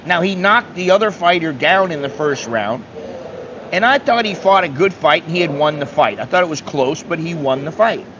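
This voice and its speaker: American guy ranting through a travel story, kinda high voice, swears a lot, dull muffled audio. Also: lively intonation, normal speed. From United States. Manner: blunt, swearing, acts out dialogue. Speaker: travel vlogger. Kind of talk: casual storytelling monologue. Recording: dull lo-fi sound with faint hum.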